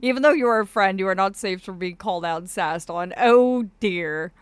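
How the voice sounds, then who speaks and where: A woman's voice: mid-range voice, moderate pace, clean tone, dry recording. A woman chatting casually with her livestream viewers, doting and theatrical, calling them darling.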